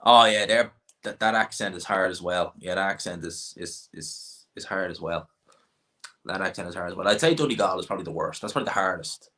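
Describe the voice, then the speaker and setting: This young Irishman talks fairly quickly in a low voice that is pushed and bright. As host of a boxing stream, he rambles through chat questions and repeats himself.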